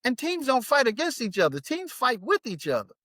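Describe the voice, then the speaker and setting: A man's voice: very high voice, brisk, dry recording. A man talking as a marriage coach on a podcast, acting out his clients' words in quotes as he tells stories. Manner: animated, acts out clients' lines in quotes. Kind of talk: podcast conversation.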